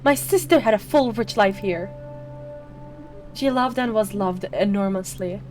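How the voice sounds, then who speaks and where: A woman's voice: mid-range voice, unhurried, a little mellow, faint music behind, close to an everyday voice. A woman voicing a bitter, grieving sister in a video game, cutting and sarcastic. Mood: scornful.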